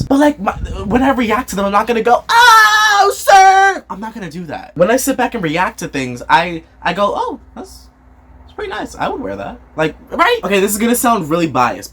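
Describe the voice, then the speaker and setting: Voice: medium pitch, very animated, a little fast, few pauses, a bit bright. A vlogger giving casual, jokey commentary on red carpet fashion, rambling and self-mocking.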